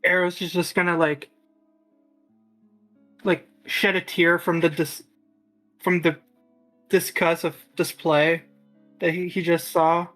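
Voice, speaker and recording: Woman narrating a tabletop game, halting. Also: fairly low pitch, little pitch movement, a bit bright, faint music behind, rough recording. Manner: halting, full of restarts. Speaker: game master.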